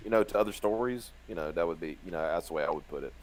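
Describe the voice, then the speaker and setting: A man's voice: low voice, very fast. A man co-hosting a casual live show, reading viewer comments aloud and laughing often between fillers. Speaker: podcast co-host.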